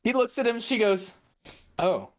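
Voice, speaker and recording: A man's voice: sits high, expressive, measured pace. A man co-hosting a podcast, telling a profane story in casual chat. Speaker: podcast co-host.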